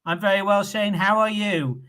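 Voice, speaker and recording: A man's voice: sits high, steady tone, normal speed, sharp tone. A man co-hosting a live podcast from a hotel room over a video call, joking and bantering. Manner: jokey, playful banter. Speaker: podcast co-host. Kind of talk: casual live show chat.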